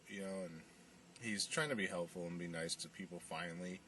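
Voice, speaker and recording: A man's voice: sits low, fairly even intonation, a little fast, bright, forceful tone, far from the mic, slight background noise. A man casually retelling a movie's plot, rambling with lots of fillers and acting out the characters' lines. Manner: rambling, full of fillers and you-knows, acts out quotes.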